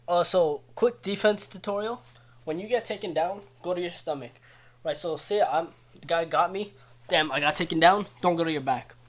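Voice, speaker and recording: Chatty young man teaching wrestling. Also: on the high side. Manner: loose and chatty, lots of "right?" and "like". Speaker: wrestling coach. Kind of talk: casual instructional video.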